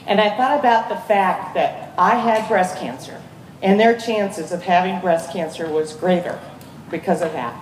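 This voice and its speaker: A woman in her fifties giving an energetic, rallying speech as guest speaker at a charity walk, calling out to the crowd. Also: on the low side, moderate pace. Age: 50s. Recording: echoey PA from far off, crowd noise.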